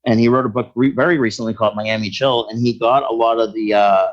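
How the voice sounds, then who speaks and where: A man's voice: medium pitch, steady tone, fast, dull audio. A man talking as a guest in a casual interview, explaining his work in a thinking-aloud way. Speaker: skip tracer guest.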